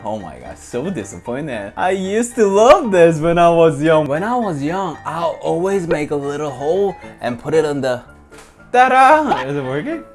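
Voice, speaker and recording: A young woman from Korea with a Korean accent, reviewing snacks in an excited vlog with bubbly, squealing exclamations. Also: low voice, moderate pace, few pauses, soft background music. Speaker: vlogger.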